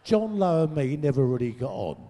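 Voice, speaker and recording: A man's voice: a little high, big pitch swings, fairly quick, warm tone. An older man telling crude, sweary comic anecdotes to a live audience on a stage microphone, laughing at his own jokes. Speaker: guest storyteller. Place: large venue, live audience show. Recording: echoey hall.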